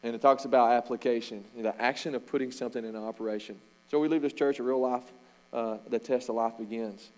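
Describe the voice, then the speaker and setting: A middle-aged man, a coach giving an informal, animated sermon talk in a church. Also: mid-range voice, a little fast, low-quality recording. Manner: storytelling, animated, with loud shouted bursts.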